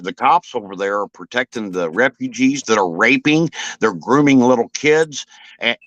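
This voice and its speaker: A man's voice: mid-range voice, expressive, normal speed, a bit bright, dry recording, muffled recording. A man giving his opinions on a live stream in a hesitant way, with lots of "uh" fillers. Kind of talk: casual chat.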